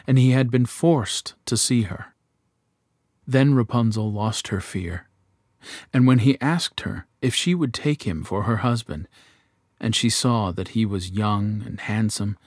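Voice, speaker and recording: A man narrating a fairy tale in a slow, measured, even storytelling voice. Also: medium pitch, dry recording, studio quality.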